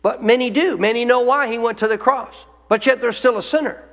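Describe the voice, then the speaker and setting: A man's voice: very high-pitched, fairly quick, vocal fry, a bit bright. A man preaching a sermon as pastor, emphatic, driving his points home with rhetorical questions. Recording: long hall reverb.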